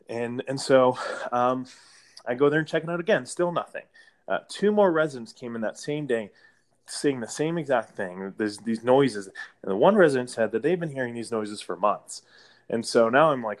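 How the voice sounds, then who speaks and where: A man's voice: medium pitch, normal speed. A man who works as a property manager, telling a rambling work story in a casual interview, with restarts and light laughter.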